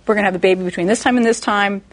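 A woman preaching a sermon, telling a personal story in an animated way and acting out the voices of the people in it. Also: racing. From Texas, USA. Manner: animated storytelling, acting out quoted voices with big pitch jumps.

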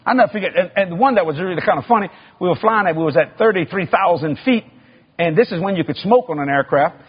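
A man preaching a sermon, telling a story with sound effects and acted-out voices, building to shouts. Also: sits high, expressive, fast talker, slightly rough. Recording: muffled lo-fi recording.

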